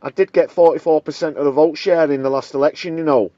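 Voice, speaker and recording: A man's voice: fairly high pitch, steady tone, fast, mellow, no room sound, lightly acted. A man putting on a blunt, cocky Mancunian woman politician with a slangy, combative manner, in a comedy sketch. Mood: defensive. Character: brash, blunt northern female deputy prime minister. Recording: dull, dry lo-fi recording.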